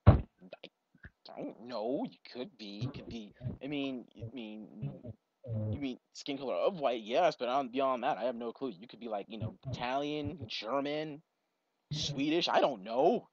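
A man giving rambling, exasperated commentary while video chatting, bursting into loud yelps now and then. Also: medium pitch, moderate pace, a little hiss or hum. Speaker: video creator. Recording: dull lo-fi recording.

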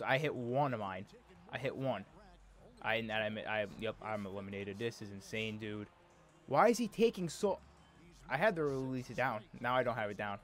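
Male game commentator, casual, prone to exasperated complaints, average pitch. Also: fairly quick.

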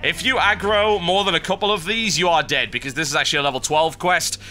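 A man giving sardonic, animated commentary over a video game he is playing. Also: on the high side, quick pace. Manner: sardonic, animated, wry complaints. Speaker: gameplay commentator. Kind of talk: let's-play commentary.

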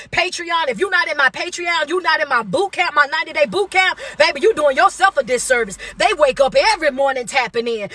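A woman's voice: high-pitched, sharp tone, no room sound. Emphatic forty-something woman life coach. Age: 40s. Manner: preachy, emphatic, calls listeners baby. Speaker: motivational speaker and life coach. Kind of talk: motivational monologue.

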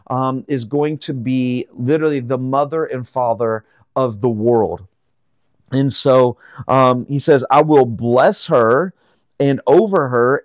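A man teaching through a Bible chapter verse by verse, reading the verses slowly and explaining them in a casual way, with fillers and restarts. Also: mid-range voice, no room sound, studio quality.

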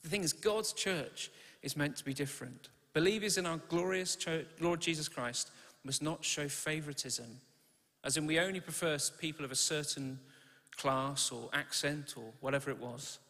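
A man's voice: fairly high pitch, normal speed, sharp tone. A man preaching a sermon in a church, talking in a conversational way, asking his listeners questions and correcting himself as he goes. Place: church hall. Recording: reverberant church hall.

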